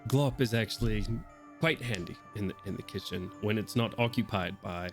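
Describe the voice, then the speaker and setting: A man's voice: fairly low pitch, moderate pace, soft background music, close to an everyday voice. A man voicing a modest, shy cook in a tabletop game. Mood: bashful.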